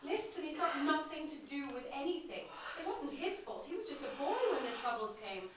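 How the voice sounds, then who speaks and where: A woman with an Irish accent playing a cautious older village neighbour in a stage play, speaking in calm warnings. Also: high-pitched, brisk, a little hiss or hum. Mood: cautioning. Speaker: stage actor. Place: theatre stage. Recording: echoey stage from far off.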